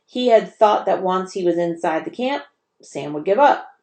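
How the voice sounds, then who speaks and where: A teacher reading a chapter book aloud to children, with expressive storytelling and a lower woman's voice. The recording is echoey, as if from a bare room. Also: moderate pace. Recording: roomy echo.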